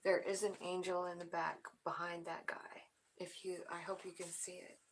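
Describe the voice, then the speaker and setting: Woman tarot reader, emotional and hushed, raspy low voice, noisy recording. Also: flat delivery, normal speed. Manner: emotional, soft-spoken, often drops to a whisper. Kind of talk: spiritual tarot reading.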